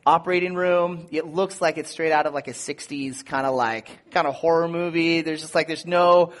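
A man with a high, light voice preaches in a loose, conversational way. He is lively and animated, full of "like" and "you know", and he jumps into a higher shout whenever he acts out a scene. He sounds like a pastor telling a story to his congregation. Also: normal speed. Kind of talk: casual sermon with personal story.

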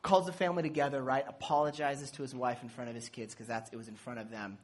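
A fast-talking parent with a mid-range voice gives an informal sermon. They're animated, acting out quoted dialogue, and they crack jokes and laugh as they teach.

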